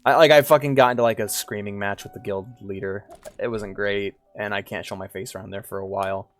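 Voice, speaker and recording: A man's voice: lowish voice, fairly even intonation, fairly quick. A man streaming a game, chatting casually in a rambling, sheepish way and swearing often. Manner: rambling, sheepish, swears a lot, many restarts. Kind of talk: casual stream chat while gaming.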